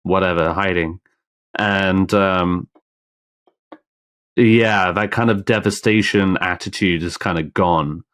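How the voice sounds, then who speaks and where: A man's voice: low-pitched, fairly even intonation, slow pace, pauses often, fairly bright tone. A man co-hosting a podcast in casual chat, easygoing and dry. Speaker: podcast co-host.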